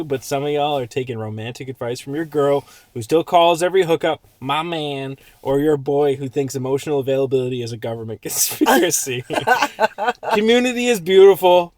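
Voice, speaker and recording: A man's voice: on the high side, fairly quick, few pauses, darkish tone, no echo. A young man hosting a casual podcast, joking, laughing often and mimicking slang. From Toronto, Canada. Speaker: podcast host. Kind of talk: casual chat.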